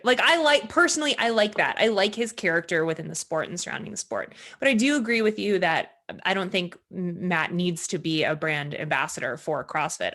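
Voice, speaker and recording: A woman co-hosting a podcast in casual chat, bubbly and animated, often correcting herself mid-sentence. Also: fairly low pitch. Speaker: podcast co-host.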